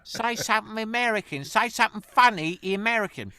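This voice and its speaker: A man voicing a mocking young Essex man with a high, brash delivery. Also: expressive, fairly quick, sharp tone, clear, resonant tone, heavily acted. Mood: teasing.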